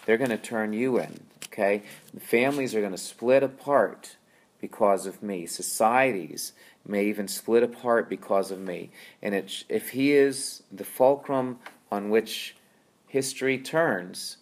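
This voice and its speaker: A man's voice: on the low side, measured pace. A man explaining how to read scripture in an easygoing teaching talk, conversational and full of tag questions and fillers. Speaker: Bible teacher.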